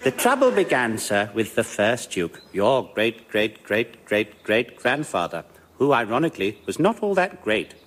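An actor playing a fussy, stammering elderly vicar in a comedy sketch. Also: male voice, medium pitch, very animated, background noise. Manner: fussy, stammering, quick bursts.

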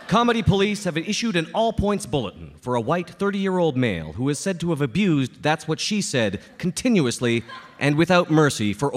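A man reading a parody comedy newscast in a deadpan anchor delivery. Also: fairly high pitch. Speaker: mock news anchor.

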